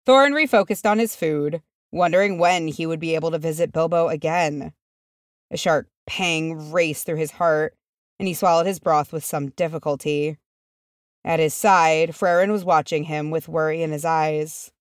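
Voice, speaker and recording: A woman reading a fan fiction chapter aloud as narrator, measured and steady. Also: deep voice, no room sound, clean studio sound. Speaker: audiobook reader.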